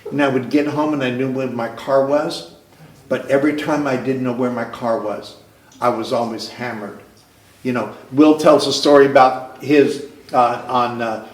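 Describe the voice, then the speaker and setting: A man sharing his personal recovery story at a meeting, earnest and halting, often restarting his sentences. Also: mid-range voice. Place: recovery club meeting room. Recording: roomy club meeting hall.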